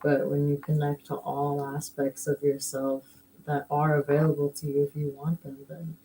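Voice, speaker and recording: A woman co-hosting a casual spiritual talk, speaking in a calm, steady, reassuring way. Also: low-pitched, normal speed, a little hiss or hum, rough recording.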